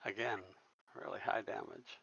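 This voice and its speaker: A man playing a tabletop game, talking slowly with a wry edge. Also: lowish voice, fairly even intonation, creaky, bright, forceful tone, breathy edge, no echo, dull audio. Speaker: player.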